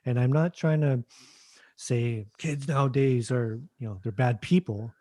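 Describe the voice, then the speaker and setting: Halting male podcast host, dry sound. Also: mid-range voice, steady tone, warm tone, dry recording. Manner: halting, many fillers and restarts. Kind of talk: casual chat.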